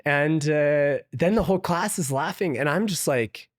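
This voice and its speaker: A man's voice: on the high side, moderate pace, hardly any pauses, no echo, clean studio sound. A man, a guest on an interview show, telling a story casually, with lots of "like" fillers and frequent laughter. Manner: loose and chatty, heavy use of "like", laughs often. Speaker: interview guest, venture investor.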